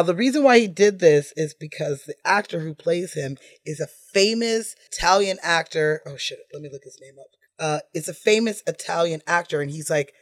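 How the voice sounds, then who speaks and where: A woman co-hosting a podcast, telling a film anecdote in casual chat, animated and swearing, acting out quotes with voices. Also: low-pitched, dry recording, studio quality.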